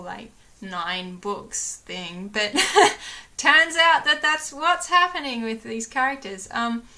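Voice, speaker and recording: Young woman vlogger, bright voice, rambling chatty delivery with plenty of fillers. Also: a little high. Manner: rambling, lots of fillers and restarts, laughs often. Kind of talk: casual chat to camera.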